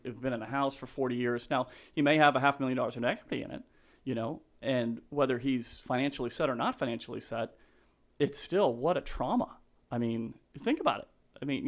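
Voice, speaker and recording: A man who works as a real estate agent, a guest in a casual podcast interview, talking earnestly with many restarts and fillers. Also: mid-range voice. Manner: halting, full of restarts and fillers; earnest, gets emotional and laughs.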